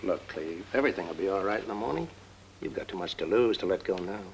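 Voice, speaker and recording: A blunt, cautioning colleague. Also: male voice, deep voice, lively intonation, quick pace, gravelly, slight background noise. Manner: cautioning, matter-of-fact. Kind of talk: 1940s film acting.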